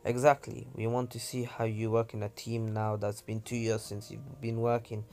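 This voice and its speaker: A man's voice: lowish voice, little pitch movement, moderate pace, a little mellow, lightly acted. Kakashi, a man doing a laid-back ninja teacher. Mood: dry.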